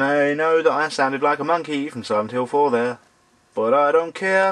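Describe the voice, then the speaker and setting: A man doing let's-play commentary, excitable, swearing at the game and talking to its characters, and a bit hoarse as he loses his voice. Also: on the high side, moderate pace, a little hiss or hum. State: losing his voice. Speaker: let's player. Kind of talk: gameplay commentary.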